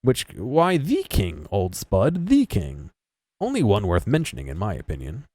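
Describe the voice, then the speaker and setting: A man voicing a pompous, old-fashioned bearded old gentleman stuck in a tower, talking in a fussy posh manner. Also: deep voice, sing-song, normal speed, breathy edge, dry recording, voice pushed down, heavily acted.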